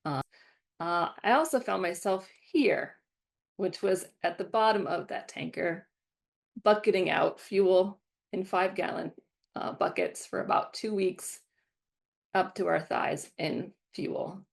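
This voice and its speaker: A woman's voice: lowish voice, measured pace, vocal fry. A woman in her twenties from the American Midwest, giving a guest lecture and telling stories from her working life. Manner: storytelling, animated quoting of past self. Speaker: guest speaker. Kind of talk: lecture talk.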